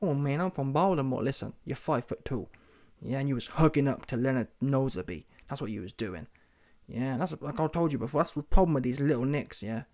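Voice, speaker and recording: A man's voice: medium pitch, fairly quick, a little mellow. A man doing a brash, mocking commentary rant full of street slang. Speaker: commentary vlogger.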